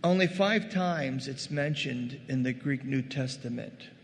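A man preaching a sermon, animated, acting out quoted voices and rising to loud bursts. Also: medium pitch, a little slow, in a large hall, slight background noise. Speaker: pastor.

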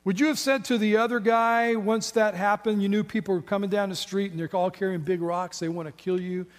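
A middle-aged male pastor with a high voice preaches in a sermon that feels more like a conversation, full of rhetorical questions and folksy asides. His words ring out with a long reverb, as if from a big church sanctuary. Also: level tone, a little fast. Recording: long reverb of a large hall.

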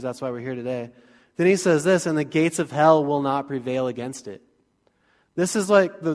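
A man preaching a sermon as pastor, casual and joking, rising to energetic bursts. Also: medium pitch. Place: church sanctuary. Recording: long church reverb.

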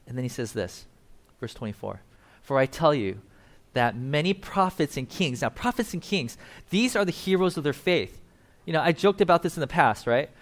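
A male pastor delivering a sermon in a fairly high voice. He talks animatedly, stretching some phrases slowly and bursting into lively acted-out quotes. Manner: animated, acts out quotes with rising energy.

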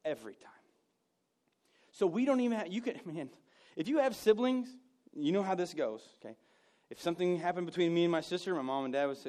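A man in his thirties, a pastor preaching a sermon with animated storytelling, playful asides and laughter. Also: mid-range voice. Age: 30s.

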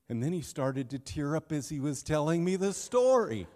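Pastor preaching in a reverberant hall. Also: male voice, fairly high pitch, sing-song. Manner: storytelling with dramatic pauses and swings between loud and hushed. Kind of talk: sermon.

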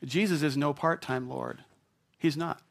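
A man's voice: on the high side, a little slow, creaky. A male pastor preaching a sermon in a church, conversational and playful, acting out the voices of doubters. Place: church sanctuary.

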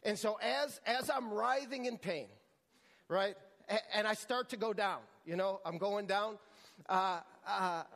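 A man's voice: high-pitched, unhurried, a bit bright, long reverb tail. A man preaching a sermon as pastor, telling a story with frequent restarts and repeated words.

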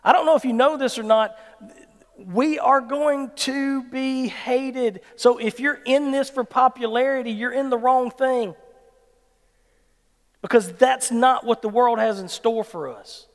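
Man, Southern American accent, preacher, lively storyteller, high voice, echoing church hall. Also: moderate pace. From Mississippi, US South. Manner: animated storyteller who acts out quoted people. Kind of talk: storytelling sermon. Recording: long hall reverb.

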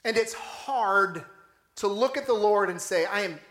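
High, bright-voiced man preaching a sermon. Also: a little slow. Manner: animated storytelling, acts out dialogue, rhetorical questions. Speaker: pastor. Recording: roomy echo.

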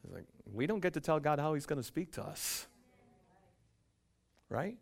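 A man preaching a sermon as pastor, acting out conversations, swinging between loud emphatic lines and hushed quiet ones, at a church pulpit. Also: a little high, sing-song, moderate pace, vocal fry. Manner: acts out dialogue with God and Paul.

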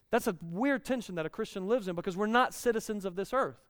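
A man's voice: sits high, fast talker, fairly bright tone, clear, resonant tone, dry recording, big-room sound. A man in his thirties preaching a conversational sermon, repeating key lines and rising in volume when he reads scripture.

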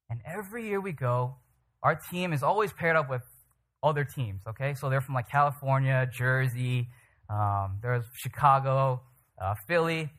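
A man preaching a sermon, telling stories in an animated way and often checking in with the listeners. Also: fairly high pitch. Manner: animated, checks in with "right?" and "okay?". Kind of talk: sermon with storytelling.

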